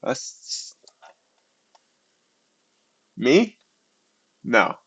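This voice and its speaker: A man's voice: medium pitch, very animated, extremely slow, a bit bright, husky. A man from eastern Pennsylvania hosting a live stream, bantering casually with viewers in a loose, rambling way.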